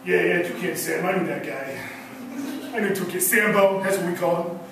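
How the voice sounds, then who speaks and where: A man's voice: high voice, normal speed, vocal fry. A man on a comedy stage voicing an evil male toucan who brags like a wiseguy. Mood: boastful. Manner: boastful, conspiratorial wiseguy talk. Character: shady boastful male toucan schemer. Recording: echoey club room from far off, noisy.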